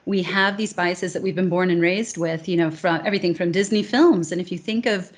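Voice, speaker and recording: An American woman from the United States, a speech coach who founded an academy, speaks earnestly in a conversational interview and lays out her points as lists. Her voice sits on the low side and her pace is brisk.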